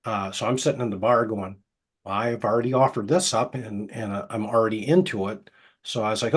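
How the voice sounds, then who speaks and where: A middle-aged man who works as a hypnotist, telling anecdotes casually and acting out the quoted dialogue, with a soft, slow voice for the hypnotic suggestions. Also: lowish voice, breathy edge. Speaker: hypnotist guest. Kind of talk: casual storytelling interview.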